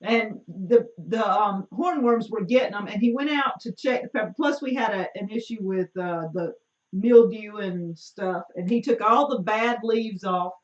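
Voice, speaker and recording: A woman's voice: medium pitch, moderate pace. A woman co-hosts a homestead live stream with a giggly, teasing manner, reading out comments from viewers. She is heard from across the room, and the sound is echoey and muffled. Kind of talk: casual live-stream chat. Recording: distant, roomy, muffled sound.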